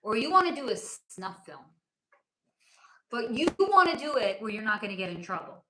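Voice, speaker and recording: A woman's voice: on the high side, sing-song, normal speed, noisy background. A woman hosting a casual livestream, answering viewer comments in a blunt, outspoken way and swearing freely. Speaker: livestream host. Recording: echoey room.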